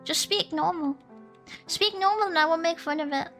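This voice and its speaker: A woman's voice: very high-pitched, normal speed. A woman chatting on a stream in a teasing, joking way, laughing often. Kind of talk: casual stream chat. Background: faint lo-fi music.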